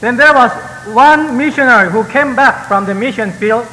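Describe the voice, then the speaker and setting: A man interprets a sermon phrase by phrase, following the preacher with fillers, hesitations and restarts. His very high voice is pushed and bright at a moderate pace, recorded with roomy hall reverb and faint noise.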